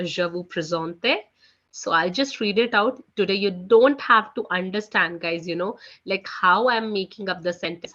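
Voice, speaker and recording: Bright-voiced woman teaching an online class. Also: medium pitch. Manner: chatty, repeats "you know" and "guys". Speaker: French language teacher. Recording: dull lo-fi online call audio.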